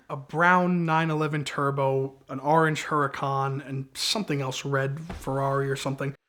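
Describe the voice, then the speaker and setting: Young guy, kinda high voice, telling a story all animated, does the cops' voices. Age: young adult. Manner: animated, acts out the cops' shouting in quoted lines. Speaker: guest storyteller. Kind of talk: casual storytelling.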